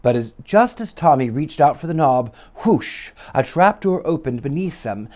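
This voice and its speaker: A man reading a children's story aloud with dramatic, lively delivery. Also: mid-range voice, unhurried, hardly any pauses.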